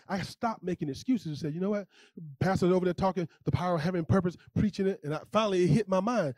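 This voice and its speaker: A male pastor preaching a sermon in a lively, conversational way, repeating phrases and talking straight to the congregation. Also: high voice, fast talker, dry recording. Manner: animated, conversational preaching with repetitions.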